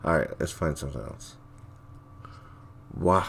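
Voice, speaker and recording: Low-voiced man chatting on a livestream. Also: unhurried, creaky, a little hiss or hum. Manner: rambling, laid-back, reacts to chat. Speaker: livestream host. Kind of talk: casual chat reading viewer comments.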